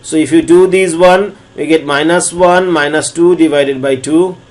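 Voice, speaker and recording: A man lecturing on differential calculus, walking through each step slowly and repeating phrases as he explains. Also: a little high, steady tone. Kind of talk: recorded math lecture.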